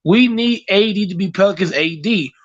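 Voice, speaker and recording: A high-voiced man delivers heated sports opinions, hammering his points with repetition and profanity. The sound is muffled and lo-fi, like a call-in to an online show. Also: moderate pace.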